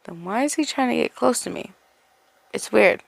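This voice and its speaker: A woman's voice: on the high side, lively intonation, normal speed, creaky, dry recording. A woman reading a fan fiction story aloud, stumbling and restarting words as she goes and breaking off into chatty asides. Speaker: story reader.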